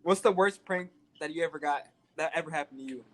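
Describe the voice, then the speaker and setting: A podcast host asking a guest relaxed, casual questions and laughing along. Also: medium pitch, fast. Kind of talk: casual interview.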